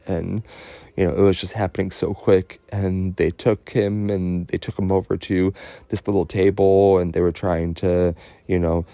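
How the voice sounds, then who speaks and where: A man with a low, dark voice tells his own story in a halting monologue, stopping and restarting often. He speaks earnestly and lets his feelings show, and a gravelly fry runs through his words. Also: no room sound. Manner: halting, with many fillers and restarts; earnest and openly emotional.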